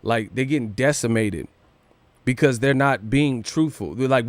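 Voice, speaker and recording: A man hosting a boxing news livestream, ranting casually with profanity and rapid rhetorical questions. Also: mid-range voice, dry recording.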